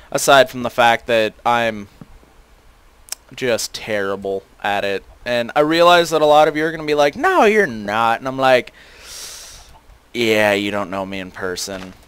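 A man's voice: mid-range voice, fairly bright tone, smooth, no room sound. A teenage boy casually commentating a video game, rambling with many fillers and self-deprecating asides. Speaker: gaming channel host.

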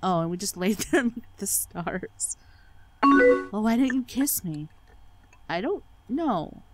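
A woman's voice: medium pitch, very animated, unhurried, loud music behind the voice, rough recording. A woman doing game playthrough commentary, sarcastic and swearing freely as she reads the on-screen chat aloud. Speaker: let's play gamer.

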